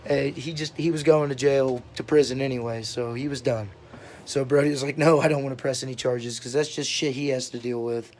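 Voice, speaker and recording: A man's voice: mid-range voice, fairly even intonation, a little fast, darkish tone, a little hiss or hum. A young man telling stories casually to his channel, laid-back and swearing freely, laughing now and then. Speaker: vlogger. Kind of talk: casual storytelling.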